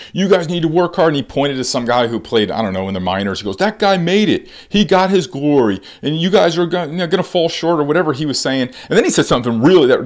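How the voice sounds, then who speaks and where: A middle-aged man talks through a solo coaching podcast at a mid-range pitch. He speaks in a lively, conversational way, often restarting his sentences. He mimics the players and coaches he quotes with sudden jumps in pitch. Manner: frequent restarts and repeated words. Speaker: podcast host and baseball coach.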